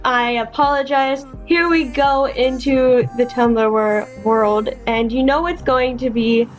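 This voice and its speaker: A woman's voice: sits high, fairly even intonation, slow pace, faint music behind. A young woman vlogging casually, hesitant with many fillers and restarts as she reads fan fiction aloud.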